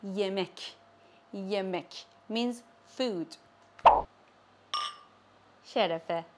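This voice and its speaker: A woman giving a language lesson, saying each phrase slowly and repeating it with care. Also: mid-range voice, heavy background noise. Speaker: language teacher. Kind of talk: slow, clear language lesson.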